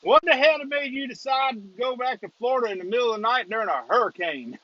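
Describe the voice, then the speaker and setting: A man voicing a gruff, incredulous male policeman with a drawling Louisiana accent. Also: very high voice, animated, quick pace, dry recording, dull audio, voice pushed up.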